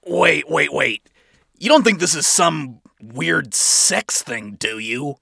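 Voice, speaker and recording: Man putting on a crude boastful angel, rough gravelly voice, slow drawl, fan fiction reading. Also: on the high side, lively intonation, sharp tone, no room sound, studio quality, heavily acted. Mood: amused. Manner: brash, crude and mocking.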